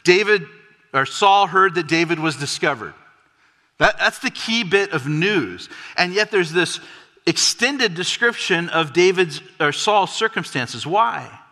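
Bright-voiced preacher in a reverberant hall. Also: male voice, lively intonation, measured pace. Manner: emphatic, dropping low for solemn points. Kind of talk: expository sermon.

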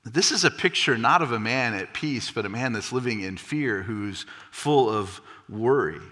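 A man preaches through a passage in a big sanctuary, his bright, forceful voice ringing with long reverb. He presses points hard and sinks low and quiet for the weighty lines. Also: lively intonation, moderate pace. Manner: emphatic, dropping low for solemn points. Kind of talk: expository sermon.

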